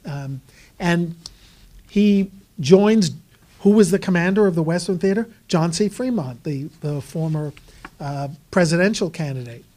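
A man in a mellow, darker tone tells history at a talk. He speaks in a loose, conversational way, adding wry asides and um-filled restarts. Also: sits high, expressive, measured pace. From United States. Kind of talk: lecture storytelling.

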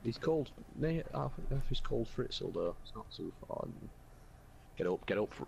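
A young man gaming with friends, excitable and teasing as he chats over a headset. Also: medium pitch, moderate pace, gravelly. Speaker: gamer. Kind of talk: casual gaming banter.

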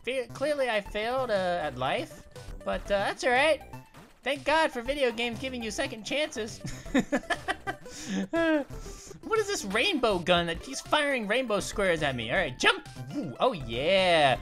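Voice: mid-range voice, a little slow. A performer voicing a cheerful young male cartoon grape who jokes and cries out while playing a video game, over faint music. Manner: excitable, jokey, cries out at near misses. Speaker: let's play commentator. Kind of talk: cartoon character let's play commentary.

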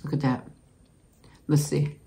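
A woman's voice: takes it slowly, mellow. A woman vlogger taste-testing snacks, chatting casually to viewers, giggling and talking while she chews. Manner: chatty, giggly, savoring food aloud while chewing. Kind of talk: casual taste-test chat to camera.

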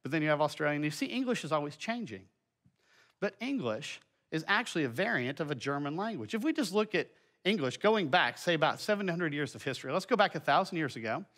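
Teaching a children's Bible lesson with slides, a middle-aged man chats in a folksy style packed with asides and fillers. He sounds very animated, speaking quickly in a slightly high, somewhat bright voice.

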